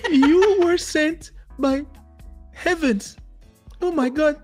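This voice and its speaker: A man's voice: very high-pitched, drawn-out words, a little mellow, soft background music, voice pushed up, full character voice. A man imitating a young woman who gushes breathlessly through happy tears. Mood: gushing. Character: young woman lover crying with joy, gushing.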